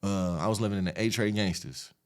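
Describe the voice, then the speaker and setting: A man from the Los Angeles area, a podcast guest retelling his past in an animated, streetwise, profane way. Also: on the low side, fast talker, smooth. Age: adult, after an 18-year sentence. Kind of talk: casual storytelling interview.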